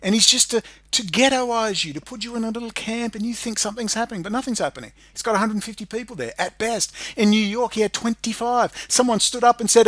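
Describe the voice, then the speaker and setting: An Australian man rants straight at the camera in a high, keyed-up voice. He swears constantly and lurches between sullen muttering and loud outbursts. The sound is close and dry, with no room around it. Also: fairly quick, hardly any pauses, no echo. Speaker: independent video maker. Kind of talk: angry ranting monologue.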